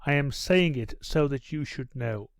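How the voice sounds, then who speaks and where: A male audiobook narrator voicing an earnest, resolute nobleman who speaks in measured sentences. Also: medium pitch, lively intonation, clean tone, dry recording, lightly acted.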